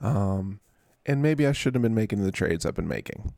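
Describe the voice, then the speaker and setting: Gravelly man in a rambling, jokey chat. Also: lowish voice, animated, normal speed, a little mellow, dry recording, clean studio sound. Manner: rambling, jokey, self-mocking. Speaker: podcast host. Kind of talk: casual chat.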